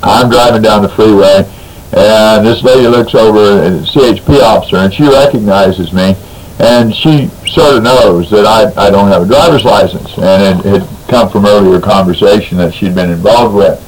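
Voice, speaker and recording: A man's voice: lowish voice, normal speed, noisy background. A man as a radio talk guest, telling a long story in a folksy, rambling way, with stumbling restarts. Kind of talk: radio talk, anecdote and legal commentary.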